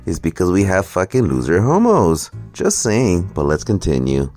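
A man's voice: low voice, big pitch swings, normal speed, a little mellow, faint music behind. A man hosting a ranting, profane, mocking reaction commentary. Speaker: commentary host.

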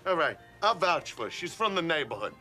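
A hot-headed, foul-mouthed man who hurls insults and shouts. His voice sits high and leaps all over the place as he rants. A film score plays behind him. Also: very animated, a little fast, faint music behind. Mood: abusive. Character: hot-tempered, foul-mouthed man, quick to pick fights. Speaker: abrasive customer in a film scene. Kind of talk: film acting.

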